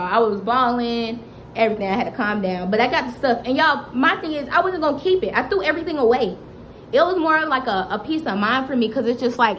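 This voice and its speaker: A young woman tells a dramatic personal story to her viewers in a casual, animated way. Her voice sits fairly high, and she keeps talking straight to the audience as she builds the tale. A faint hiss runs under the recording. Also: poor audio. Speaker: vlogger. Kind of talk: storytime vlog.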